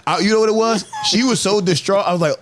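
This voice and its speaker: A man's voice: high voice, quick pace, a bit bright. A man in his thirties telling stories in a casual, profane podcast chat, laughing as he goes. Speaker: podcast guest, comedian.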